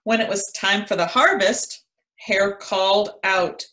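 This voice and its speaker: A woman educator reading a children's picture book aloud in an expressive storytelling manner. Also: medium pitch, unhurried.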